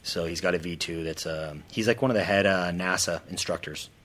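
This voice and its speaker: Deep-voiced, bright-toned man. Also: a little fast. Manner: animated, acts out quoted voices. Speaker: parts manufacturing engineer. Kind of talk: casual chat.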